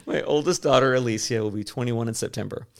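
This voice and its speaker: A middle-of-the-road male voice, neither high nor low, from a man in his forties who co-hosts a podcast. He rambles through casual chat, restarting his sentences and breaking into easy laughs. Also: fast talker, vocal fry, a little hiss or hum. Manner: rambling, self-interrupting, laughs easily. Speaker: podcast co-host.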